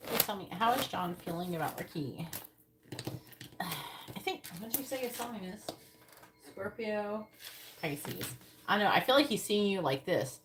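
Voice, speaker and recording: A woman gives a live tarot reading, going through the cards bluntly, swearing and sounding angry. Her medium-pitched voice is animated and unhurried, with frequent pauses. She's recorded on earbuds with loud background noise.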